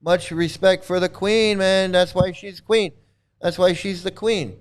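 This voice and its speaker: Measured in pace and fairly even in intonation, this man's smooth, high voice carries an angry commentary-video rant. He mocks his viewers sarcastically, goes over the same points repeatedly, and stammers as he restarts sentences.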